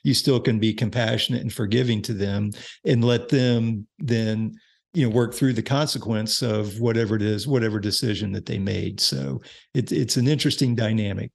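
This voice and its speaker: A man's voice: lowish voice, fairly even intonation, normal speed, gravelly, slightly rough. An older man, a parenting author and coach, chatting as a podcast guest and explaining ideas with examples and frequent restarts. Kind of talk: casual interview chat.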